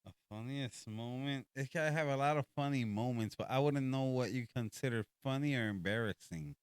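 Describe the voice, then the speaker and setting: A man's voice: mid-range voice, a little fast, clean tone, no echo, clean studio sound. A man co-hosting a podcast in casual conversation, laid-back with emphatic slang. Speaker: podcast co-host. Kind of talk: casual chat.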